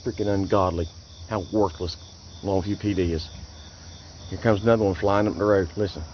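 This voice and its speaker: A man's voice: low-pitched, fairly even intonation, moderate pace, darkish tone, a little hiss or hum, rough recording. A man filming outside by a road, angrily and repeatedly complaining. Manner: angry, indignant, repetitive complaining. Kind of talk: ranting phone vlog.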